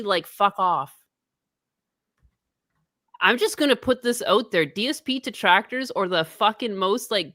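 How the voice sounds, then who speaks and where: A woman's voice: mid-range voice, bright, forceful tone, dry recording, clean studio sound. A woman doing a mock impression of an angry, defensive male streamer who swears at his critics on a live stream.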